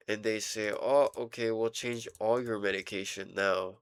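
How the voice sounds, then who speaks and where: A young man rambling casually in a diary vlog, halting and full of fillers, swearing now and then while he plays a game. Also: lowish voice, flat delivery, smooth, dry recording. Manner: playing a game while talking. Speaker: vlogger.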